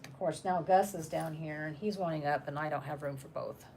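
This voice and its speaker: A woman chats casually on a live stream from her home, pausing to read comments and talk about her dogs. Her voice sits on the lower side, she laughs easily, and a faint room hum runs underneath. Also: creaky, darkish tone. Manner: chatty, laughs often, talks to her dogs. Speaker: channel host reading live chat.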